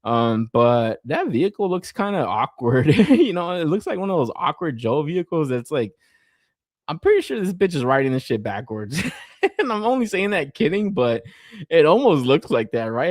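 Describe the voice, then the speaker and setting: Animated, profane man reviewing toys. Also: fairly high pitch, moderate pace, dry recording, studio quality. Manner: profane, laughs often, lots of filler. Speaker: podcast host. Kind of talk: casual toy review chat.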